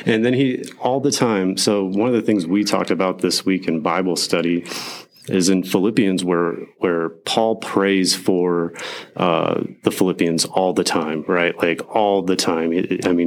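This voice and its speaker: A man's voice: low-pitched, normal speed. A man co-hosting a casual faith podcast, telling stories animatedly and acting out what others said. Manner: animated storytelling, acts out quotes.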